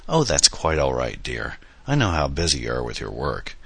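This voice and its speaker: A man's voice: a bass voice, big pitch swings, moderate pace, creaky, fairly bright tone, husky, no echo, heavily acted. A man voicing a genial older uncle in an audiobook, speaking fondly and teasingly to his niece. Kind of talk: audiobook dialogue.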